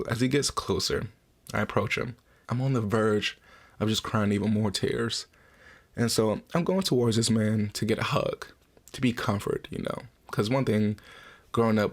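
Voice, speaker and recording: A podcast host in his twenties talks through a personal story in an open, emotional way. His voice sits low with a gravelly edge. He talks casually and swears freely as he goes.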